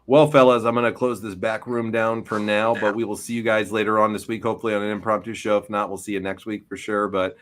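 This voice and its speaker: A man's voice: on the low side, flat delivery, fast talker, few pauses, a bit bright. A man in his forties hosting a wrestling podcast, talking loosely and tripping over his words as he signs off. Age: 40s. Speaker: podcast host. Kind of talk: casual chat, show sign-off.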